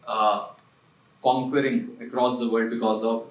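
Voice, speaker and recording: A man's voice: medium pitch, flat delivery, measured pace, echoey room, recorded from a distance, low-quality recording. A man who leads an investment firm gives a seminar talk in a punchy, conversational way, often throwing rhetorical questions at the audience. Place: seminar room.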